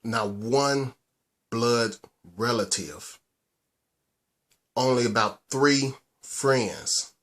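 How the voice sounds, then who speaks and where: A man from the United States ranting angrily in his vlog, halting and restarting often and swearing for emphasis. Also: mid-range voice, fairly bright tone. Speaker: vlogger. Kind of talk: angry personal vlog rant.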